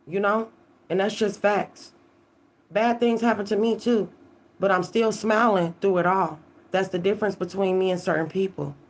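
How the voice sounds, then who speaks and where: Emphatic, profane woman tarot reader. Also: lowish voice. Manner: emphatic, profane, keeps asking "okay?". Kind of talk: live-stream monologue.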